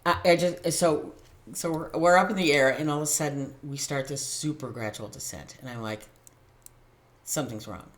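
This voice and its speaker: A middle-aged American woman telling a personal story in casual, animated fashion, with frequent laughs and restarts. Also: sits low, brisk. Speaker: tarot channel host.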